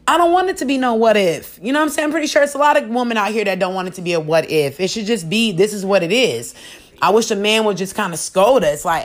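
A woman's voice: medium pitch, brisk. A young adult woman talking frankly and expressively to her viewers in a casual monologue, full of slang. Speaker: vlogger. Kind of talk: candid casual monologue to camera.

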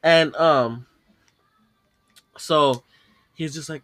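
A man's voice: mid-range voice, slow, long pauses, fairly bright tone. A man hosting a podcast, telling a long story in casual chat, swearing freely and acting out what people said. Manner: profane, laughing, acts out dialogue in the story. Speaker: podcast host.

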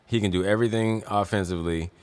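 A man's voice: fairly low pitch, fairly even intonation, quick pace. A young man co-hosting a casual sports podcast, emphatic and insistent, hammering his points with repetition. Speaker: podcast co-host, son.

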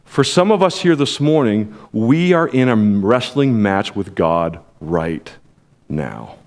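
A man's voice: lowish voice, sing-song, slow, darkish tone. A male pastor delivering a sermon in a conversational style, speaking directly to the congregation. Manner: conversational preaching with direct appeals and quoted voices.

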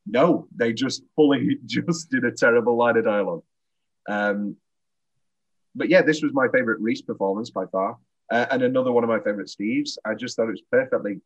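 A man's voice: medium pitch, breathy edge, lo-fi sound. A man hosting a podcast, chatting enthusiastically and laughing often. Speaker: podcast host. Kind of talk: casual chat.

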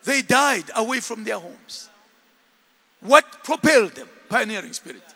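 High, bright-voiced man preaching in a hall. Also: measured pace. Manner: animated preaching with shouts and laughter. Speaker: pastor. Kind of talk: sermon. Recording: long hall reverb.

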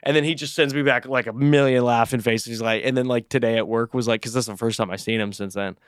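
A man's voice: medium pitch, steady tone, fast talker, clear, resonant tone, dry recording, studio quality. A man hosting a podcast, telling a story in loose, casual chat full of "like" and "dude" and plenty of swearing. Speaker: podcast host.

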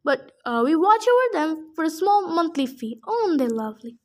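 A smug, greedy three-bodied monster rancher, as a woman reading a storybook aloud puts him on, all smooth sales patter and dismissive asides. The voice sits high in pitch. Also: sing-song, normal speed.

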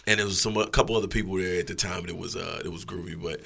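A man's voice: deep voice, fairly even intonation, racing, creaky, pushed and bright, breathy edge. A middle-aged man, telling a story casually as a guest, swearing freely and acting out quotes.

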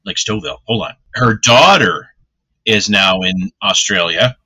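A man co-hosting a podcast in casual chat, cracking deadpan one-liners. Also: lowish voice, a little slow, breathy edge. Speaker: podcast co-host.

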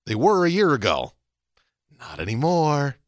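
A man's voice: fairly high pitch, wildly swooping pitch, a little slow, dry recording, studio quality. A man co-hosting a podcast, chatting casually and animatedly, his voice climbing to emphatic peaks. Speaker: podcast co-host. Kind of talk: casual wrestling chat.

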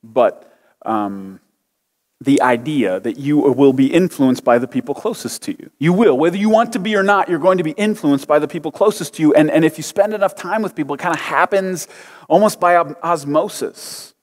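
Speaking at a normal speed in a slightly high voice, a man in his thirties preaches as a pastor. He keeps things conversational and frequently asks the audience questions, with long hall reverb in the background.

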